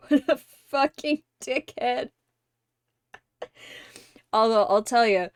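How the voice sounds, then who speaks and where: Slow-talking, giggly woman streamer. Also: mid-range voice, no room sound, studio quality. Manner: giggly, swears freely, excitable fan gushing. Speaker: streamer host. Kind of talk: casual livestream chat with viewers.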